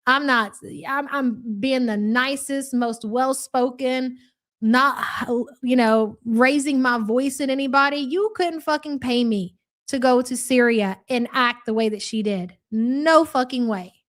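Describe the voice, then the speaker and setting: A woman's voice: sits high, measured pace, fairly bright tone. A woman hosting a live reaction stream, reading chat and ranting in a blunt, profane, mocking way. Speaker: livestream reaction host.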